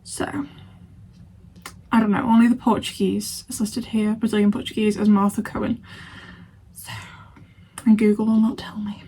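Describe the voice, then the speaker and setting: A woman's voice: medium pitch, level tone, normal speed, pauses often, mellow, a little hiss or hum. A British woman hosting a reaction video, chatting casually and thinking aloud as she looks things up. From Britain.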